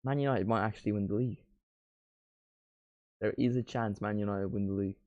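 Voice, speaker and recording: A man streaming a live football watchalong, chatting casually and breaking into quick play-by-play calls. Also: fairly low pitch, fairly even intonation, no echo, dull audio.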